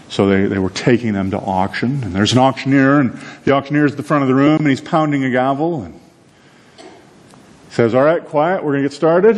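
A man preaching a sermon, telling a story in a conversational, animated way with frequent repeated words. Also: lowish voice. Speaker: pastor.

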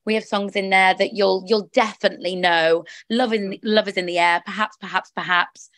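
Chatty, enthusiastic actress in interview. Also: female voice, mid-range voice, fairly even intonation, moderate pace, a bit bright, no echo. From England. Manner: enthusiastic, chatty, frequent restarts. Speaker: musical theatre actress, interview guest. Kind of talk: casual interview chat.

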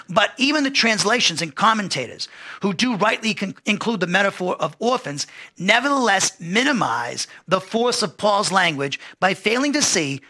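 A man's voice: sits high, vocal fry, pushed and bright, husky. A middle-aged man teaching an expository Bible lesson in a conversational way, often restarting phrases and reading quotes aloud.

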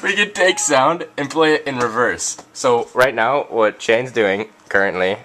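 A man's voice: medium pitch, measured pace. Playful young man, noisy outdoor camera audio. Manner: playful, sings and laughs a lot. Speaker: vlog co-host. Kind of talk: casual goofing-around vlog. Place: outdoors on a walk. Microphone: handheld camera mic.

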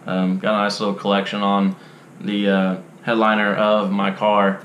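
A man's voice: on the low side, normal speed, muffled recording. Young guy, casual product-review vlogger, laid-back drawl, roomy echo, faint hum. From Texas. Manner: relaxed, drawling, frequent ums and uhs. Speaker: unboxing vlogger. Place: dim indoor room.

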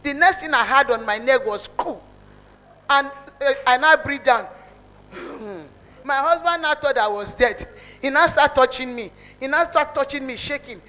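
A woman's voice: high-pitched, a little slow, pushed and bright, low-quality recording. A woman giving a spoken testimony in church, telling her story earnestly, with emotion and many repeats.

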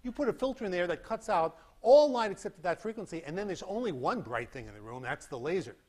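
A man giving a university physics lecture in a hall, animated and demonstrating with sound effects. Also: high voice, fast. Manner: animated, acts out beeping sounds and demonstrates with props. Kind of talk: classroom lecture.

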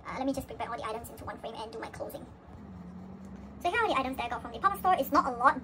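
A woman vlogger chatting casually through an unboxing and breaking into excited high squeals. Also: a little hiss or hum.

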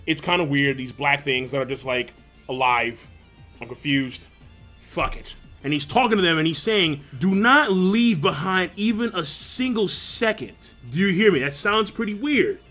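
A young man hosting a live manga reaction, reading panels aloud and reacting with crude jokes and loud exclamations. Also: fairly high pitch.

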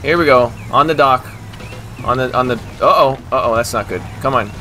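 Bright-voiced exasperated male gamer. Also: medium pitch, normal speed, slight background noise. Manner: exasperated, talks to the game, frequent outbursts. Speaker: gaming video host. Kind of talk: casual gameplay commentary.

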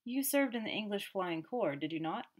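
A man's voice: high-pitched, lively intonation, moderate pace. Woman reading as a stern cold magistrate. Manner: formal, stern, thundering when crossed.

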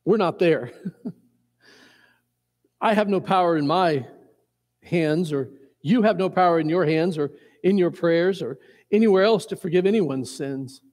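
Earnest high-voiced male pastor in a reverberant church. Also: measured pace, pauses often, a little mellow. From Indiana. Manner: earnest, repeats words and restarts often, chuckles at himself. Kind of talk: sermon. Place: church sanctuary.

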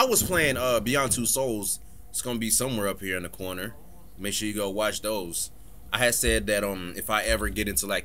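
A man's voice: deep voice, a bit bright, slight background noise. A man giving casual commentary while playing a horror game, talking back to the game, swearing and joking through the scares. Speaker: gaming streamer.

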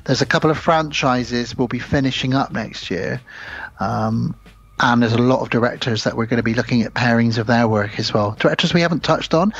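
A man's voice: medium pitch, a bit bright, breathy edge. A man hosting a horror film podcast, chatting casually and rambling a little at his own expense. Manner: chatty, rambling, self-deprecating. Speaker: podcast host. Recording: slightly dull lo-fi sound.

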